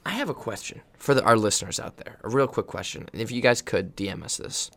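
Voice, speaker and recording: A man's voice: on the low side, lively intonation, quick pace, a bit bright. A man, a college volleyball player, hosting a casual podcast in a playful, interrupting way. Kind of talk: casual chat.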